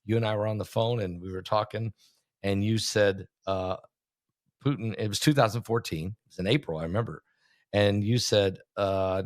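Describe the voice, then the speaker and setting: A man's voice: on the low side, fairly even intonation, moderate pace, no echo. Chatty male host, dry close sound. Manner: chatty, hesitant, many fillers. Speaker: host, preacher. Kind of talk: casual talk show.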